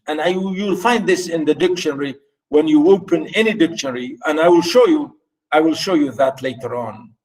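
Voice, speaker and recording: Slow, deliberate male lecturer from off-mic. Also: fairly high pitch, distant mic, poor audio. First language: Arabic. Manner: slow, repetitive, addresses students directly. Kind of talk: university lecture.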